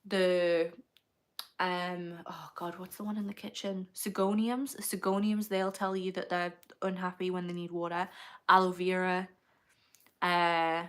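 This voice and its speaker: A woman's voice: on the low side, flat delivery, smooth. A young woman hosting a casual livestream, chatting loosely and laughing often as she reads viewer comments aloud. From United Kingdom. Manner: chatty and rambling, quick to laugh. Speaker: livestream host.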